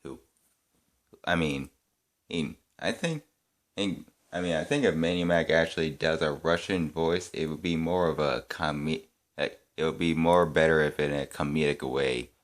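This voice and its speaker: A man with an extremely low-pitched voice gives his casual opinions as a fan reviewer. He thinks aloud in halting bits, full of restarts and fillers.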